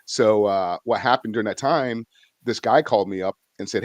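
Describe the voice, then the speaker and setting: A man's voice: on the low side, fast talker, no echo. A middle-aged man from Vermont, a real estate investor guest, telling his story in a rambling way with many fillers. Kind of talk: casual storytelling interview.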